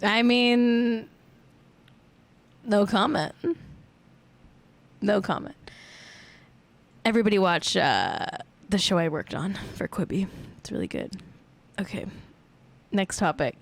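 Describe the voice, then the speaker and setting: A woman's voice: medium pitch, expressive, slow pace, creaky, long pauses. A woman hosting a casual celebrity gossip livestream, playful and self-mocking. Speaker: host.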